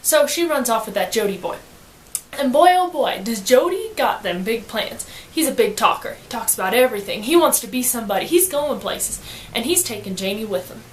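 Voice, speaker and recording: A woman's voice: fairly high pitch, big pitch swings, fairly quick, a little hiss or hum. A young woman giving a playful, slangy, casual book review as a vlogger. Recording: echoey room.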